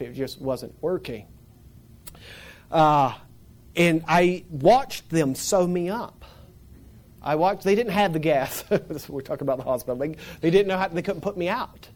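A man tells a story from his own life, full of energy and quick laughter, slipping into the voices of the people in it. His voice sits a little higher than most men's. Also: darkish tone. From Florida panhandle, USA. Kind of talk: personal storytelling.

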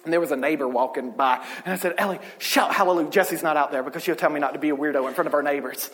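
A man preaching a sermon as a pastor, telling stories with energy and swinging from soft, intimate moments to full shouts. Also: fairly high pitch, fairly even intonation, very fast, big-room sound.

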